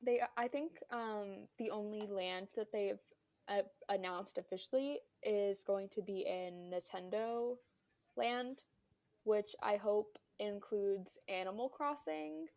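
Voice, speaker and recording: Brief: young woman, podcast co-host quizzing friends, casual and hesitant, mid pitch. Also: slow pace, a little mellow. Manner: chatty, hesitant with many fillers. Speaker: podcast co-host running a quiz.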